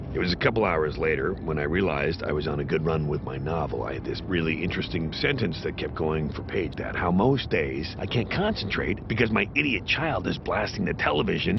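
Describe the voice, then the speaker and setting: Brief: a contemptuous, self-pitying cartoon dad, low gravelly voice, wide swings into indignation. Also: male voice, background noise. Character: bitter failed-novelist father, contemptuous, self-pitying. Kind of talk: animated series voice acting. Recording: dull lo-fi show audio.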